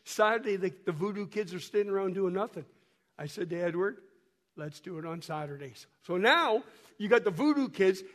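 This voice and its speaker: A high-voiced man speaks to a church in a folksy storytelling way, stumbling over and repeating his words as he shows photos. He is hoarse from a cold. His voice carries a long echo through the church hall. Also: lively intonation, normal speed, a bit bright. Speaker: missionary guest speaker. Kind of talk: storytelling talk to a church while showing photos.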